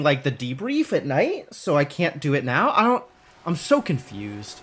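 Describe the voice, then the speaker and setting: A man streaming a video game live, talking through it in an animated, rambling, self-amused way. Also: on the high side, unhurried, breathy edge. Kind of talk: live gameplay commentary.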